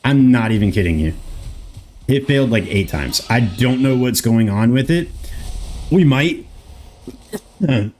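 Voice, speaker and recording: His mid-range voice is expressive and a little mellow, measured in pace with frequent pauses. He's an American in his thirties streaming a game, reading chat aloud, rambling, and dropping casual swears.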